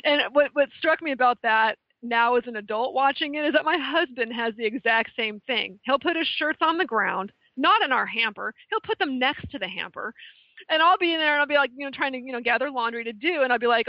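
Chatty lady retelling movie scenes, kinda high voice, dry lo-fi sound. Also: brisk, dry recording. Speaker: podcast co-host. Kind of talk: casual movie discussion.

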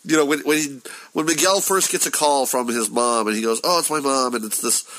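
A man's voice: mid-range voice, expressive, a little fast, a bit bright, low-quality recording. A man chatting casually and enthusiastically as a podcast co-host, reviewing a series with lots of restarts. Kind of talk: casual show review chat.

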